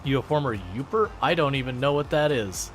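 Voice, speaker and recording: A man's voice: medium pitch, expressive, brisk, soft background music. A man chatting casually with his live-stream viewers while he plays a farming game, joking, laughing often and restarting his sentences. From Michigan, United States. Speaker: gaming streamer.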